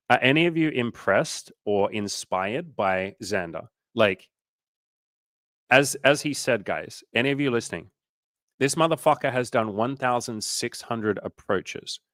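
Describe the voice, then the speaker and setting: A man hosting a casual livestream as a dating coach, giving an energetic, profane pep talk. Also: lowish voice, no echo, clean studio sound.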